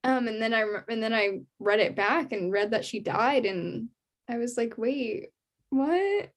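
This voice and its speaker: A woman's voice: fairly high pitch, steady tone, normal speed. A young woman in a casual book chat, gushing and laughing often, with lots of fillers.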